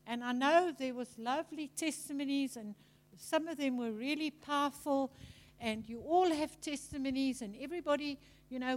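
A woman preaching to a congregation, chatty and animated, telling stories and mimicking people. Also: sits high. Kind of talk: teaching sermon.

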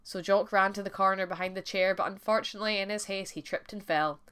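A woman narrating a folk tale for a podcast in a clear, expressive storytelling voice. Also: mid-range voice, fast.

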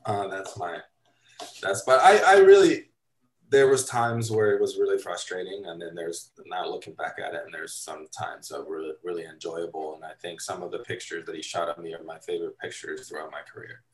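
Laid-back rambling man from Finland, low voice. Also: fairly quick, rough recording. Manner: laid-back, rambling, heavy use of "like" and "dude". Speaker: interview guest, photographer and former skater. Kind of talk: casual storytelling.

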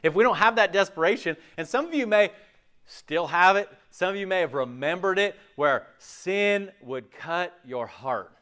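A man's voice: high-pitched, normal speed, clean tone. A man preaching a sermon as pastor, talking in a loose, conversational way with many "okay?" asides and acting out listeners' reactions. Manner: conversational, animated, acts out imagined listeners' reactions; frequent "okay?" and "like" fillers.

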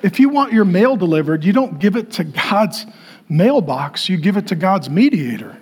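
A male preacher with a high, husky voice that swoops up and down as he teaches. He delivers his sermon with playful asides and sudden loud bursts to the congregation. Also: sing-song, moderate pace. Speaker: pastor.

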